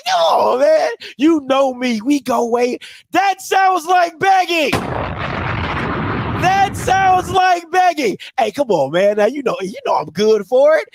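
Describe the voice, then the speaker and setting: Host, male, very high voice, loud incredulous live reaction commentary. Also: big pitch swings, slow pace, gravelly, background noise. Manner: loud, laughing, incredulous ranting. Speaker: show host reacting to a clip.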